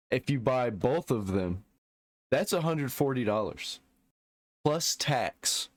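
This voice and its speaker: A man's voice: fairly low pitch, no echo. A man hosting a casual reaction commentary, talking back at a clip in a blunt, opinionated way. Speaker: reaction host.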